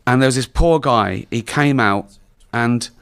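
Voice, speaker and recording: A man's voice: mid-range voice, measured pace, gravelly, a bit bright, smooth, dry recording, studio quality. A middle-aged English comedian talks on a live stage, telling stories in a casual, profane way. He breaks into laughter often and slips into little impressions of the people he describes. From England. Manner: swearing storyteller, laughs often, mimics people. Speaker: comedian guest.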